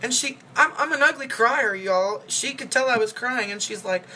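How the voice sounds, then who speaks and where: A woman's voice: on the high side, moderate pace, bright, forceful tone, slight background noise. A young woman telling an emotional, rambling story in a casual vlog check-in, full of fillers. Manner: emotional and upset. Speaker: vlogger. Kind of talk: casual personal check-in video.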